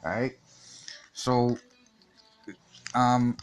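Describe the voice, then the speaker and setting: A man giving a casual Bible lesson while drawing, talking haltingly with many restarts and fillers and chuckling often. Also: medium pitch, steady tone, clean tone. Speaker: teacher.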